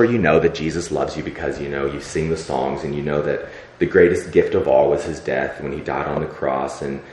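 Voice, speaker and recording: A young man with an extremely deep voice delivers a sermon in a loose, conversational way, full of fillers and acted-out prayers. He sounds like he's in a reverberant church sanctuary with a faint hum of room ambience behind him. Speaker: pastor.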